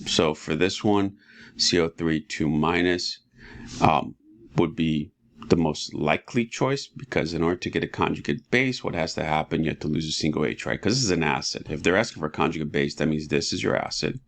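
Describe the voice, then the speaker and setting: A man teaching chemistry in a relaxed, casual lecture, walking students through each step and often asking "right?". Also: fairly quick. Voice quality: very deep and gravelly. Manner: relaxed, talks students through steps with frequent rhetorical "right?".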